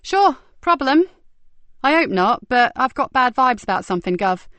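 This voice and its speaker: A woman narrator voicing a blunt female police constable who speaks plainly and briskly. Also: sits high, sing-song, a bit bright, dry recording, pitched above the performer's own voice. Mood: worried.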